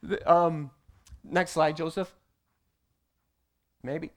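A man teaching a church group, telling a personal story with animated delivery that builds to loud, emphatic peaks. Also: a little high, extremely slow, gravelly. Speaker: church teacher presenting slides.

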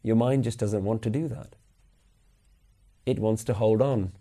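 Earnest male Sikh teacher, mellow voice. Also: mid-range voice. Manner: earnest, questioning the listeners; chants scripture lines slowly. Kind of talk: religious lecture. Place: weekly class room.

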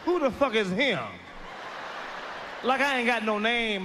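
Stand-up comic, male, high and brash, profane and loud, noisy live recording. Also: normal speed, pauses often. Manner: brash, profane, shouting punchlines. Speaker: stand-up comedian. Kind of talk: stand-up comedy routine.

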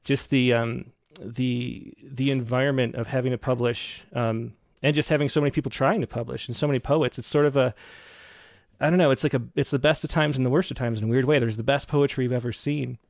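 Male host, mid-pitched voice, thoughtful, dry close recording. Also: fairly even intonation, a little fast, dry recording. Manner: thoughtful, searching for words. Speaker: podcast host. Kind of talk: conversational interview.

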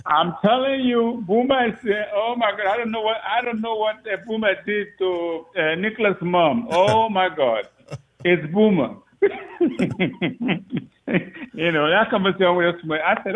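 A man, the father of a recruit, telling a story in a rambling, halting way with frequent laughs. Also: sits high. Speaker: father of a recruit, interview guest. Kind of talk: phone interview, storytelling. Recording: tinny phone line.

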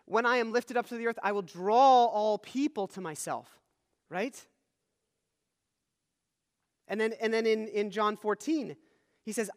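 A man preaching a sermon as pastor, teaching earnestly and checking in with the listeners. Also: sits high. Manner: earnest teaching, frequent "all right?" check-ins. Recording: long hall reverb.

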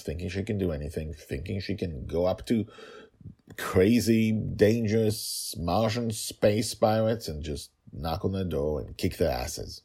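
Deep gravelly man telling a podcast story. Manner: animated, chuckling aside.

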